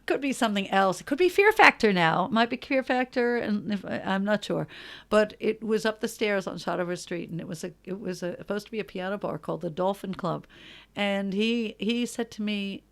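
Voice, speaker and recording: Middle-aged woman, New York accent, gravelly voice, animated storyteller, laughing often. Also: mid-range voice, brisk. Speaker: guest. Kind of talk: casual storytelling chat.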